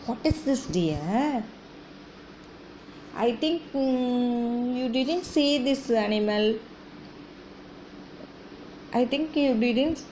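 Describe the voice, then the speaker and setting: A woman's voice: a little high, lively intonation, darkish tone, a little hiss or hum. A woman teaching small children animal sounds, coaxing them with questions and imitating the animals. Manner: slow, sing-song, coaxing with questions and animal noises. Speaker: kindergarten teacher.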